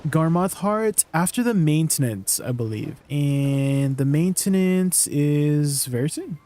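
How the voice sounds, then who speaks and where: A man's voice: a little high, expressive, takes it slowly, dark tone. A man streaming a game, chatting casually and rambling, often asking his chat questions and laughing easily.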